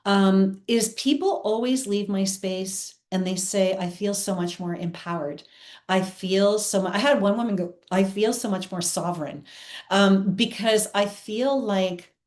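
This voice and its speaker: A woman speaking as an interview guest about her work as a psychic reader. She tells personal stories in an animated way, and her voice rises and falls widely as she talks. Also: mid-range voice. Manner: animated, reflective storytelling. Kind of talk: conversational interview answers.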